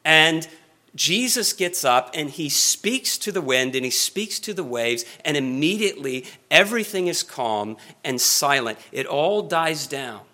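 A man preaching an expository sermon, earnest, slowing and speeding up for emphasis. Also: on the high side, animated. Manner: earnest, varies pace and loudness for emphasis.

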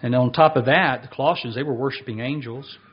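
A man's voice: mid-range voice, slightly rough. Emphatic male preacher, lo-fi recording. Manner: emphatic preaching, slows down to stress points. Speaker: pastor. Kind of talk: sermon.

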